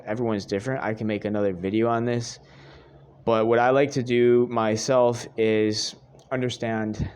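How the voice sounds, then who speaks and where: A young man coaching on dating delivers an earnest monologue to camera, hammering his points home and calling everyone "guys." His mid-range voice is clear, resonant, and a little mellow.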